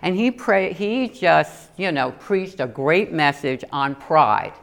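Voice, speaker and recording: A middle-aged woman giving an earnest personal testimony in a sermon, telling stories with animated asides. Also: low-pitched, takes it slowly. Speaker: lay preacher.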